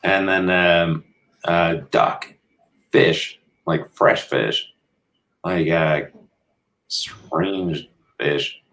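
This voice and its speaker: A man's voice: low voice, fairly even intonation, drawn-out words, long pauses, a bit bright. An American man chatting as a guest on a video call, rambling and full of fillers and restarts. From United States. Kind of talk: casual chat.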